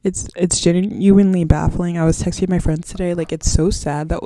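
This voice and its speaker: A woman's voice: on the low side, fairly even intonation, normal speed, warm tone, a little hiss or hum. A woman in her twenties hosting a podcast solo, rambling in casual slang and swearing freely. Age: 20s. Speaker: podcast host.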